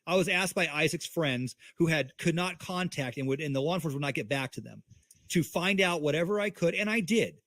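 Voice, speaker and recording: A man's voice: on the high side, animated, a little fast, fairly bright tone, no room sound. A man in a heated livestream chat on a video call, talking in an angry, emphatic, profane way. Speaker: co-host.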